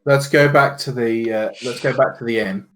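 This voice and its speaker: A man's voice: medium pitch, moderate pace, rough recording. A man playing a tabletop game, describing his character in an emphatic, drawling way. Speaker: player.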